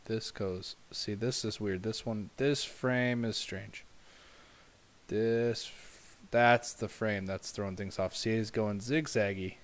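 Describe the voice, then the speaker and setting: A man developing a game, chatting casually on a livestream from home as he works, relaxed and thinking aloud into a close desk mic. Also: fairly low pitch, slow. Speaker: game developer and animator streaming his work. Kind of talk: casual livestream work talk. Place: home room with noisy neighbors upstairs.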